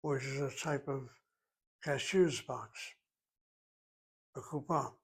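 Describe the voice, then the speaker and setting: A man teaching a Hebrew class, explaining grammar in a deliberate, step-by-step way and sometimes thinking aloud. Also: mid-range voice, slightly rough.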